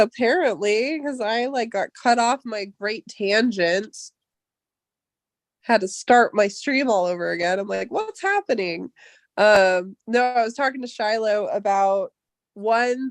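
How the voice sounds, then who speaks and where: A woman's voice: mid-range voice, no echo. A woman hosting a livestream, chatting casually on a group voice call in a rambling way with lots of fillers. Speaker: livestream host. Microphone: online voice call.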